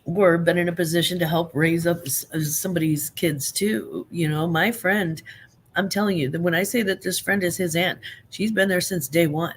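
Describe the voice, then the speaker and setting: A woman's voice: lowish voice, fairly even intonation, normal speed, a little hiss or hum. A woman in her fifties hosting a live stream, chatting casually and rambling with many fillers and restarts, laughing often between remarks. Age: 50s.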